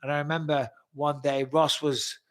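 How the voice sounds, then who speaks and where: A man's voice: a little high, little pitch movement, normal speed. A man in his forties, answering fan questions in a blunt, rambling way and swearing freely. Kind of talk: casual fan Q&A.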